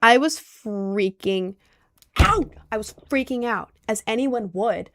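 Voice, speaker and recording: A young woman in her twenties telling a story casually, rambling and leaning on filler words. Her voice has a gravelly fry, and it sounds dry and close. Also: on the high side, animated, slow, a bit bright, dry recording.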